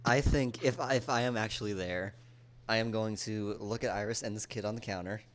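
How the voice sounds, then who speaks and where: A man's voice: lowish voice, steady tone, a little fast. A man playing a tabletop game, casually describing his character's actions and laughing often. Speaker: player.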